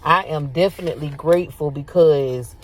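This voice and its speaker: A woman, talking casually about faith to her viewers, animated and repetitive, calling them y'all. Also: low-pitched, normal speed, a little hiss or hum. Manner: animated, repeats herself, addresses viewers as y'all. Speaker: faith video host. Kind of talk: casual spiritual talk to viewers.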